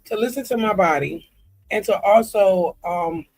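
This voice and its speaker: High, gravelly, husky-voiced man vlogging. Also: a little mellow, faint music behind, low-quality recording. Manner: halting, with frequent ums and restarts; earnest and confiding. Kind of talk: candid personal vlog, reading comments aloud.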